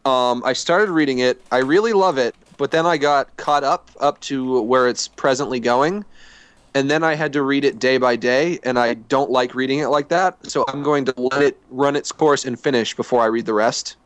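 A man's voice: medium pitch, smooth, no room sound. Easygoing man casually reading listener emails. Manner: easygoing, reads emails aloud with quick asides. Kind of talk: casual podcast chat.

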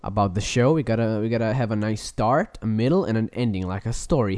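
A man co-hosting a comedic podcast over a video call, clowning around and switching between a squeaky high voice and a deep mumble. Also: fast talker, darkish tone, no room sound, studio quality. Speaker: podcast co-host. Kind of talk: comedic casual chat. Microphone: video call mic.

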